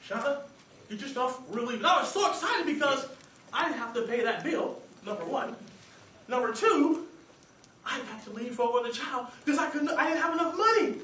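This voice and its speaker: A young man giving a humorous contest speech, acting out scenes with lively energy. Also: very high voice, slight background noise. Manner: animated, acts out scenes and voices. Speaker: contest speaker. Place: meeting hall stage. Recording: echoey hall, distant mic. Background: audience laughter.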